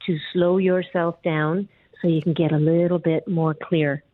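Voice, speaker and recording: A woman guest giving calm, measured explanations in a radio interview. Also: fairly low pitch, no echo. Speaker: guest author. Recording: tinny dry phone line.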